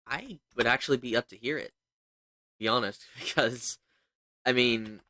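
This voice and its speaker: A man's voice: mid-range voice, a little slow, bright, forceful tone, no room sound. A man from the United States chatting casually while streaming a game, rambling and thinking aloud. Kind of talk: casual gaming livestream chat.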